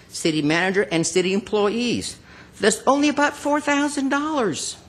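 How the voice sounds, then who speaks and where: Standing at a podium microphone during public comment at a city council meeting, a man confronts and accuses officials, calling them out by name. His voice leans high.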